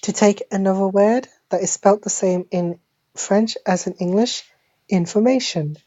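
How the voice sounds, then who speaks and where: A woman giving a deadpan parody language lesson, speaking slowly and deliberately and repeating each word like a teacher. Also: medium pitch, dry recording. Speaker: mock French teacher. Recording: dull lo-fi phone screen recording.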